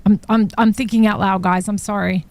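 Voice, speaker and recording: Woman, true crime host, mellow voice, reads messages aloud, shocked asides. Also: medium pitch, steady tone, brisk. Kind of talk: live-stream commentary reading trial exhibits.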